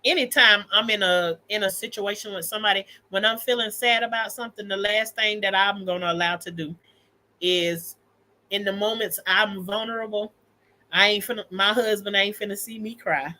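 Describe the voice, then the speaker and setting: A woman's voice: mid-range voice, fairly even intonation, moderate pace, bright, forceful tone. A woman hosting a casual livestream, telling stories about family and her kids with candid emphasis and frequent laughter. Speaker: livestream host and mother.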